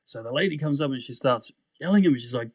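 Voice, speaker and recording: A man's voice: mid-range voice, fast, slightly rough, dry recording. A man with a New Zealand accent, a podcast guest who tells his testimony animatedly and often calls the host "bro.". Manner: animated storyteller, often says "bro", acts out voices. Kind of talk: testimony storytelling.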